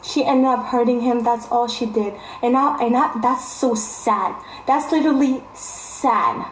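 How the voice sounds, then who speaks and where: Young woman vlogger, high voice, emphatic repeats, echoey room. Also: unhurried, slight background noise. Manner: emphatic, repeats phrases for stress. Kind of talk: casual storytelling to viewers. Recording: roomy echo.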